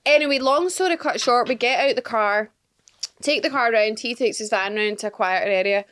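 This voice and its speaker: A woman's voice: a little high, fairly quick, fairly bright tone. A young woman, co-hosting a podcast and telling a story in casual chat, laughing often. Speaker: podcast co-host.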